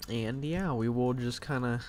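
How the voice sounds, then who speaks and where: A man's voice: mid-range voice, unhurried, darkish tone. Man, game streamer, headset mic, rambling casual commentary, faint background hum. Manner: rambling, self-deprecating, thinks aloud.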